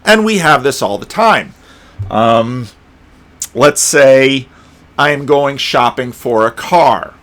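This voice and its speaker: A man's voice: mid-range voice, animated, takes it slowly, fairly bright tone. A middle-aged man giving a rambling solo commentary, thinking aloud and restarting his sentences as he talks. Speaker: pastor and video commentator.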